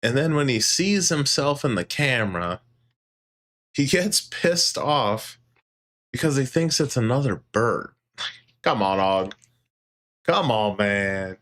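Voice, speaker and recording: A man's voice: mid-range voice, very animated, slow, long pauses, a bit bright. A man hosting a casual livestream, joking with his chat and talking to his pet parrot, laughing often and swearing casually. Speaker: livestream host.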